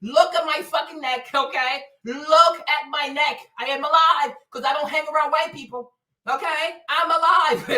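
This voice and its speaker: High bright woman host, brash mocking rant, echoey room, off-mic. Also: normal speed, far from the mic. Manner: loud, mocking, frequent laughter, repetitive. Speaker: show host. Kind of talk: angry profane live-stream rant.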